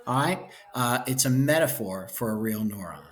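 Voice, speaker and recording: A male teacher talks his class through a textbook chapter in a relaxed, conversational way. He drops playful asides and checks in with his listeners after almost every point. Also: mid-range voice, normal speed. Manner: chatty, checks in constantly with "right?" and "okay?"; playful asides, enthusiastic about cute pictures. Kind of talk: casual lecture walking through a book chapter.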